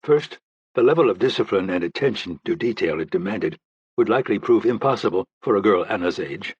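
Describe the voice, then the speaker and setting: A male audiobook narrator reading a thriller in a steady, even manner. His low voice has a husky grain. The recording is close and dry, slightly dull in tone. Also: a little fast, dry recording.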